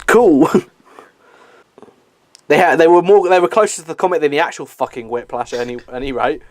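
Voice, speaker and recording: A man's voice: a little high, a little fast, a little mellow, dry recording. A young man giving a casual movie commentary, chatty and swearing, with lots of fillers and laughs.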